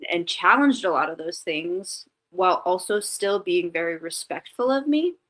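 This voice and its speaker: A woman's voice: fairly low pitch, lively intonation, normal speed, fairly bright tone, rough recording. A woman guest telling a personal story in casual, candid talk, full of "like" fillers and restarts. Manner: candid and reflective. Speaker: podcast guest.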